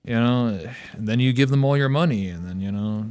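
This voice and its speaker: A man hosting a casual interview, playful and teasing, often trailing off low. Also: a little fast, darkish tone, clear, resonant tone, soft background music. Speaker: interview host. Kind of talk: casual joking chat.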